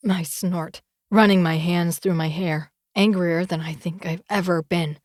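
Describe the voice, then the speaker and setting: A woman narrating a romance audiobook in the first person, with an expressive, measured reading. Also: on the low side, no room sound, studio quality.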